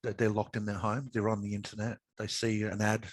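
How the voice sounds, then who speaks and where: Podcast guest, male, lowish voice, loose chatty storyteller, dry close sound. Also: little pitch movement, a little fast, no echo, rough recording. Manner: chatty, repeats words, frequent um and you know. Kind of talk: casual storytelling.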